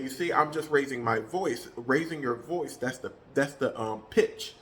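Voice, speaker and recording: A man's voice: medium pitch, normal speed, few pauses, fairly bright tone. A man giving a casual vlog monologue about his fitness routine, rambling and often restarting his sentences. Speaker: fitness vlogger.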